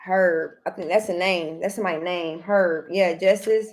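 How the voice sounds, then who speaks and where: A woman giving a casual tarot reading to viewers, chatty, often repeating "heavy emphasis" and "okay," with bursts of excitement. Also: lowish voice, unhurried. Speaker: tarot reader.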